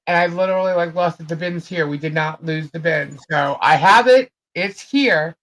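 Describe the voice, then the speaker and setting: A woman's voice: lowish voice, fairly quick, few pauses, fairly bright tone, low-quality recording. A woman co-hosting a live chat show, telling a long story in a rambling way, full of fillers and repeated phrases.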